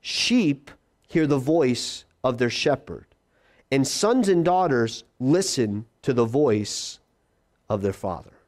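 A male pastor preaching a sermon in a conversational way, repeating key phrases and slowing down for emphasis. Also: mid-range voice, big pitch swings, darkish tone.

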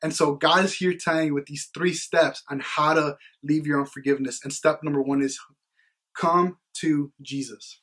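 Young male youth-podcast co-host, slightly high and husky, earnest and rambling, casual faith talk. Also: fairly even intonation, moderate pace, fairly bright tone. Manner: earnest, rambling, heavy on "like" and "you know what".

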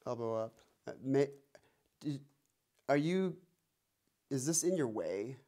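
Teasing drum teacher counting beats. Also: male voice, medium pitch, animated, takes it slowly, mellow. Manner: playful, teasing, mock-threatening. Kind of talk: one-on-one music lesson. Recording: noisy room with drum clicks.

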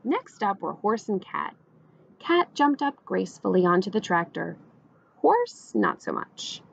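A woman, a teacher, reading a children's picture book aloud with expressive, animated storytelling. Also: lowish voice, unhurried, vocal fry, husky, highs cut off.

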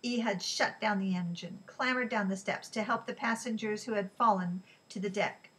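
A woman narrating an audiobook in a steady, even storytelling voice. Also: mid-range voice, normal speed, low-quality recording. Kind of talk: scripted narration.

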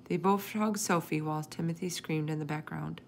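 Woman reading a kids chapter book out loud, kinda gravelly, expressive. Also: sits low, moderate pace, slight background noise. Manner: expressive, lively read-aloud narration. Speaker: reader of a children's book. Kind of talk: storybook read-aloud.

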